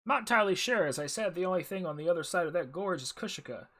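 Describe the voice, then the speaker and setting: A man's voice: high-pitched, animated, fast, pushed and bright, pitched above the performer's own voice, heavily acted. Man reading out a stern jungle ranger. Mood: briefing. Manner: formal, briefing tone. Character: stern male jungle ranger officer, by-the-book. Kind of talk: reading game dialogue aloud.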